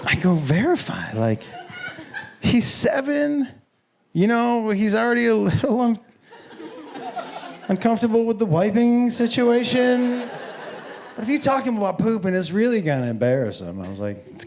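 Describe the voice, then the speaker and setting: A man performing a stand-up comedy set, telling an animated story and acting out the people in it. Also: high-pitched, moderate pace, long pauses, a little hiss or hum.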